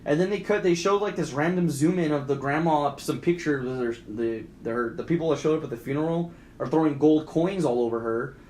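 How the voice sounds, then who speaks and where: Young male co-host, fairly high voice, rambling and profane, echoey room. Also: brisk, hardly any pauses, a little mellow. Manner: rambling, profane, acts out quoted lines in a higher voice. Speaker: podcast co-host. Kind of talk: casual movie rant. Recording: echoey room with faint background noise.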